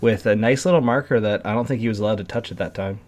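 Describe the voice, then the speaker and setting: A man with a lowish voice who hosts a casual podcast chat. He keeps his remarks short and drops in dry quips while his co-host talks. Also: quick pace.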